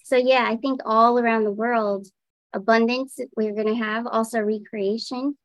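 A woman's voice: a little high, steady tone, normal speed, no room sound. A woman guest doing a casual tarot reading, thinking aloud as she turns cards.

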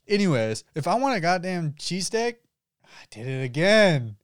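A young man trading jokes on a casual podcast, his voice swinging up and down with lively inflection. He curses freely and sounds a little tipsy. The sound is smooth and dry, close to the mic. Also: high-pitched, moderate pace, no echo. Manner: loose, joking, profane, says he has been drinking. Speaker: podcast co-host.

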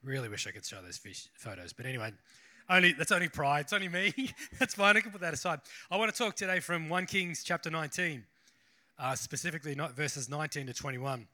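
A male pastor gives a loose, conversational sermon with a bright, forceful voice. He rambles a little and drops self-deprecating asides as he goes. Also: on the high side, quick pace. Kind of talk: casual sermon.

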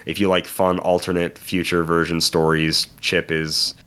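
A man's voice: low-pitched, flat delivery, normal speed, a bit bright, clean tone. A young man co-hosting a board game podcast, telling stories in an enthusiastic, casual way. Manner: enthusiastic storytelling. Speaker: podcast co-host. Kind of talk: casual chat.

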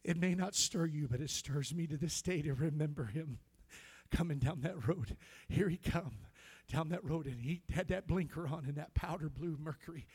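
A male pastor with an American accent telling a personal story in a sermon, dropping to hushed whispers and rising to shouted praise. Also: on the high side, moderate pace, slightly rough.

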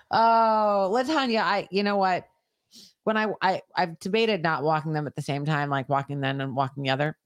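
A woman's voice: fairly low pitch, a little slow, dry recording. Woman telling a story with heavy swearing. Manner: animated storytelling, heavy swearing, shouts when acting out scenes. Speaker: podcast co-host. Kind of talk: casual chat.

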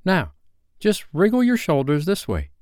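A man's voice: sits high, wildly swooping pitch, a little slow, a little mellow, no echo, studio quality, voice pushed up, full character voice. A man voicing a cocky, boastful boy who can fly, in an imperious and eager manner for a storybook reading. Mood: commanding.

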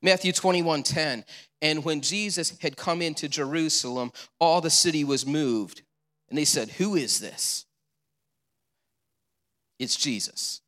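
In a large hall, a male pastor preaches an animated, story-driven sermon full of rhetorical questions and repeated answers. His voice is a little high and a little slow, with frequent pauses.

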